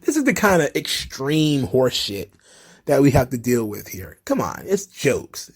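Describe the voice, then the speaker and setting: Animated, mocking male commentary host. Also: mid-range voice, a little slow, slightly rough. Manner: laughing, mocking, profane, lively. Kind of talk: casual commentary reading tweets.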